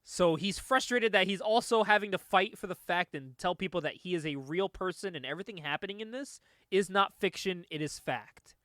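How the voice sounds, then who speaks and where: Male: higher-pitched casual podcast host. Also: fairly quick, few pauses, bright, forceful tone, no room sound, studio quality. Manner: laughs often, swears casually, rambling recap. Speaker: comic book podcast host. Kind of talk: casual comic review chat.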